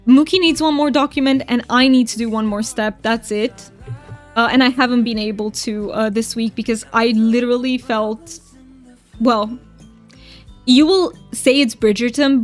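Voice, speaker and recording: A young woman streaming a game, chatting casually and giggling as she reads out her chat. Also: fairly high pitch.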